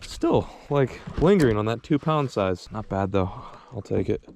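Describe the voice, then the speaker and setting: Gravelly, excitable man fishing outdoors. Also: fairly low pitch, normal speed, slight background noise. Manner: excitable, rambling, bursts of exclamations. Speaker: fishing vlogger. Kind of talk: casual vlog narration. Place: outdoors on a boat on a lake.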